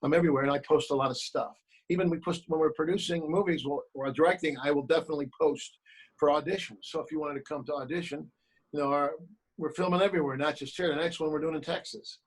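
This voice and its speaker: Brief: male guest on a video call, lively storyteller, slightly high voice. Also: quick pace, husky, low-quality recording. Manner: animated storyteller, acts out quoted voices. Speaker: actor and producer, guest. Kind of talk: remote interview, storytelling advice.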